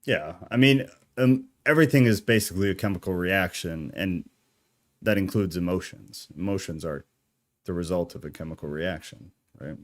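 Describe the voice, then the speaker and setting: A man's voice: sits low, normal speed. A man hosting a live podcast who agrees readily and affirms his guests, reads out chat comments, and steers the show along. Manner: agreeable, affirming, with short backchannels. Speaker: podcast host.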